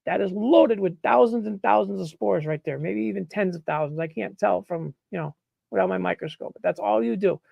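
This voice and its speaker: A blunt, exasperated man hosts a casual live mushroom chat, his voice pitched high and heavily gravelly with fry. He swears freely as he demonstrates, recorded dry and close with no room sound. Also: fairly quick, no echo, highs cut off. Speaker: host of a live mushroom-growing stream.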